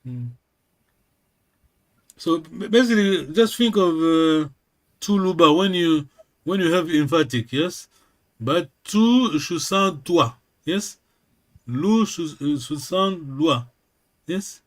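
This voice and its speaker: A man who speaks natively, teaching a lesson over a video call, slow and patient, often checking in with a quick "yes?". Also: fairly high pitch, lively intonation. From Congo region, Kikongo-speaking village. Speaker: language teacher. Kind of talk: online language lesson.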